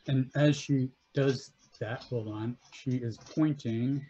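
Halting husky game master man. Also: medium pitch, mellow. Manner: halting, full of fillers and restarts. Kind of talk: narrating a tabletop game.

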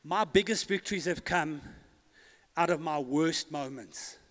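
A pastor preaching a sermon, calling the congregation to respond and building to loud declarations. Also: male voice, fairly high pitch, unhurried. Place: church hall. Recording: long church hall reverb.

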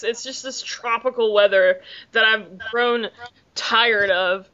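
A woman's voice: on the high side, fairly even intonation, slow, sharp tone, lo-fi sound. A woman hosting a casual podcast chat, with a valley-girl drawl and a lot of "like.". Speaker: podcast host.

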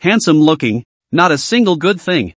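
A man's voice: fairly high pitch, sing-song, moderate pace, dry recording. A man voicing an arrogant, hostile young university fighter in a recap story. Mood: taunting. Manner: taunting, hostile.

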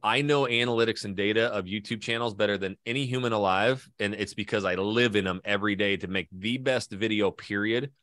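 A man's voice: on the low side, fairly quick, hardly any pauses, a bit bright, dry recording. Dry-sounding long-winded storytelling man. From Idaho. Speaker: guest, real estate agent and video creator. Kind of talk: casual interview chat.

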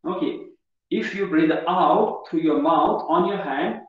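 A man's voice: fairly high pitch, a little slow. A man teaching yoga breathing techniques in a lecture, patiently repeating his instructions and speaking directly to the class. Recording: echoey distant lo-fi hall recording.

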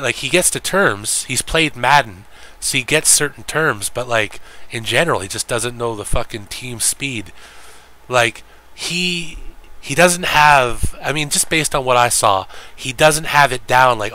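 A man's voice: medium pitch, lively intonation, unhurried, bright, forceful tone. A man streaming games and chatting casually with his viewers, cursing freely, joking and rambling. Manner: profane, joking, rambling, mimics friends in quotes. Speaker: game streamer.

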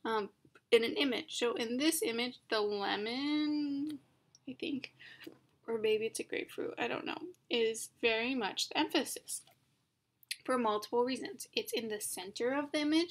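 Young woman teacher, casual lecture voice, slightly high, informal and self-correcting. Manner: informal, thinks aloud with many ums and self-corrections. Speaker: art teacher. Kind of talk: casual recorded lecture over slides.

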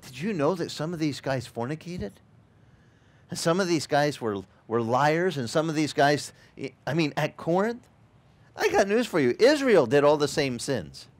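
A man preaching a sermon as pastor, animated and acting out the voices of the people he quotes. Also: on the high side, moderate pace. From Sicilian family background. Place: outdoor beach service.

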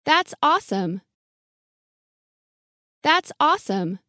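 An English model reader slowly reads short practice phrases for learners, saying each one twice with clear, careful enunciation. Her high, bright voice is sing-song and expressive in pitch, and she takes a deliberate, unhurried pace. The sound is close and dry, with no room around it.

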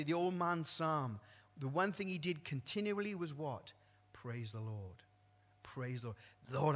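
A preacher delivers a sermon in a fairly high, bright, forceful voice, swinging from loud, ringing exclamations to hushed, low asides. The long reverb of a church hall rings around his words.

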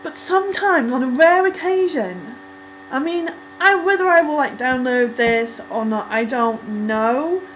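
A young woman casually reacting to a music video, rambling with lots of ums and likes and breaking into excited squeals. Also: high-pitched, a little slow, poor audio.

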